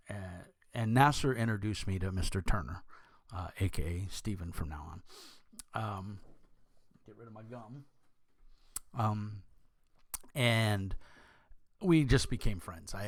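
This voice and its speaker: A young man with a deep voice, talking casually as a channel host, rambling with many fillers and restarts. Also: no room sound. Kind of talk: casual talk to camera.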